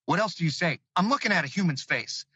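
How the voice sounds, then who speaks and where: Man from Chicago, call-in guest, bright forceful voice, slightly raised pitch, dull dry call audio. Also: quick pace, husky, dry recording. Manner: excited, vivid storytelling, voice rising high with fear. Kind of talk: telling a personal story.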